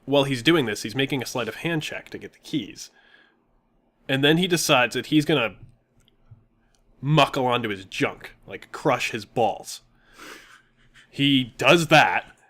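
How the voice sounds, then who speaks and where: A man's voice: mid-range voice, animated, a little slow, long pauses, a bit bright. A man co-hosting a gaming channel, casually retelling a tabletop game session and laughing often.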